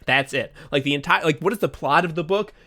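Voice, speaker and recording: A man co-hosting a podcast, chatting casually in an excitable, profane way and slipping into quick voices as he retells stories. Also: on the high side. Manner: excitable, profane, animated storytelling with quick voice switches. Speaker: podcast co-host. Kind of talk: casual comedic chat.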